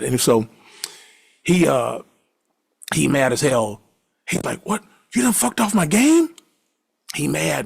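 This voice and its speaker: A man's voice: fairly high pitch, gravelly, slightly rough, dry recording. A man casually telling a profane, rambling story and laughing along with it.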